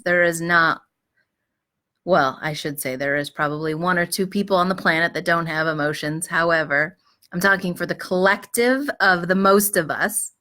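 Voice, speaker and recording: A middle-aged woman hosting a live advice show, speaking gently and reflectively, with frequent fillers and restarts, clearing her throat now and then. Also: on the low side. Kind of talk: live-streamed advice talk.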